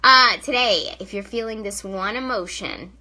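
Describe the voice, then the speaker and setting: Bright-voiced chatty young woman coach. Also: mid-range voice, moderate pace, low-quality recording. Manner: chatty, many "um"s and "right?" tags. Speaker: intuitive and spiritual coach. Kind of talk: casual live-stream talk.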